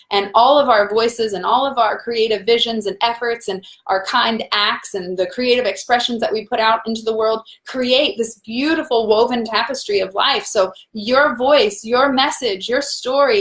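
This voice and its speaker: A woman with a slightly high voice leads a live-stream tarot reading. She speaks warmly and encouragingly straight to her viewers, reads out their comments and laughs easily between thoughts. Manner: warm, encouraging, talks to viewers as "guys".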